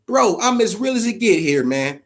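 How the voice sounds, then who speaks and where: In a high, sing-song voice at normal speed, a man running a boxing podcast speaks straight to his chat viewers. His casual live-stream commentary is loose, profane and emphatic, with words repeated as he warms up.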